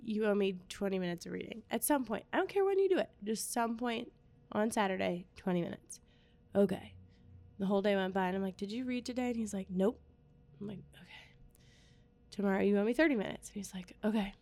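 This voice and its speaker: A woman's voice: mid-range voice, steady tone, brisk, vocal fry, a little mellow. A woman in her thirties telling a long family story in casual chat, acting out the lines of everyone in it. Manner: chatty storytelling, acts out quoted exchanges.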